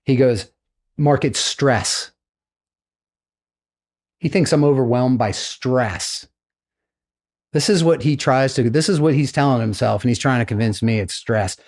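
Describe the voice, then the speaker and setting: Mid-range in pitch and measured in pace, this man leaves long pauses as he talks. He's a middle-aged American and retired naval flight officer guesting on a podcast, telling his story casually and animatedly while performing quoted voices.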